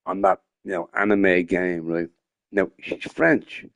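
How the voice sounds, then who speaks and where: On a gaming stream, a young man chats casually in a low voice with a steady tone and measured pace. He rambles, swears freely, and often breaks into laughter during this casual live-stream talk.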